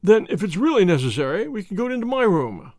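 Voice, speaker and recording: A man's voice: high voice, big pitch swings, fast, a little mellow, dry recording, studio quality. Brief: grudging old squire, tart and irritated, a man putting him on. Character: tart, irritated older country gentleman.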